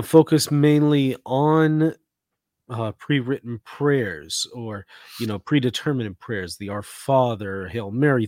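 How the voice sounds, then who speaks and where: A man's voice: mid-range voice, a little mellow, no room sound, clean studio sound. A man hosting a conversation, asking questions and affirming his guest with short murmurs. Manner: attentive, asks questions, frequent affirming murmurs. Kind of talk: interviewing, casual chat.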